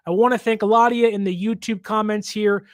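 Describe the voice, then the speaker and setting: A sports podcast host giving a casual game preview, excitable and often restarting words mid-sentence. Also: medium pitch, brisk, no echo. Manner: excitable, with frequent stammered restarts.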